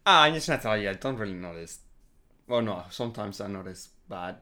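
A man's voice: fairly low pitch, animated, fairly quick, a crowd in the background. A man co-hosting a casual film podcast, laid-back, with brief replies. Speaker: podcast co-host.

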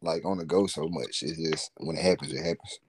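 Homem de voz bem grave, descontraído. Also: male voice, very deep voice, steady tone, brisk, darkish tone, slightly rough. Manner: laid-back, rambling, slangy. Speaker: guest, musician and entrepreneur. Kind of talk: casual interview chat.

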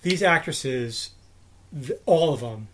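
A man's voice: fairly high pitch, expressive, slow pace, fairly bright tone, slight background noise. A man in his forties from New Jersey, co-hosting a podcast and telling a rambling story full of restarts and fillers. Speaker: podcast co-host. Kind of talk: casual storytelling chat.

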